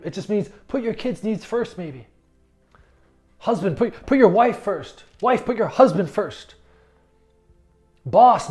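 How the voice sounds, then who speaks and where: A man with a notably high voice preaches a sermon. He talks in a conversational, emphatic way, often stumbling and restarting his phrases as he makes his points. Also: darkish tone. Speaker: pastor.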